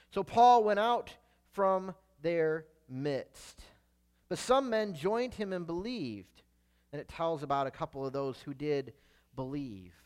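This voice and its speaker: A high-voiced man preaching a sermon, reading scripture aloud and then explaining it. His delivery is earnest and explanatory, with a storytelling flow. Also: unhurried, smooth.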